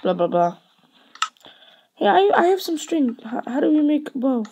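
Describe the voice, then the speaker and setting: A woman's voice: high-pitched, expressive, brisk, warm tone, slight background noise. A woman chatting and rambling playfully while playing a building game. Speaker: let's play host. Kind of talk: casual gameplay chat.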